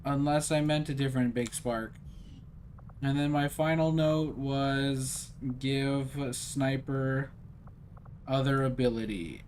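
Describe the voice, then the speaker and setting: A man's voice: mid-range voice, steady tone, slow, a little mellow, a little hiss or hum. A man casually commenting while he plays a strategy game, rambling and self-deprecating as he thinks aloud. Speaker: gaming streamer. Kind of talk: casual let's-play commentary.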